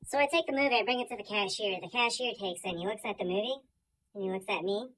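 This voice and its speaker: A woman doing a comic storytime monologue with a bright, forward voice. She is animated and theatrical, jumping from loud punchlines to quiet murmured asides. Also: mid-range voice, fast, rough recording. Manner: animated, swings loud and soft. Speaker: comedian.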